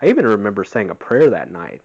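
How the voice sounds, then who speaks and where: A man reading a memoir aloud in a steady, plain voice. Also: fairly low pitch, quick pace, breathy edge. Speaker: audiobook reader. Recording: dull lo-fi sound.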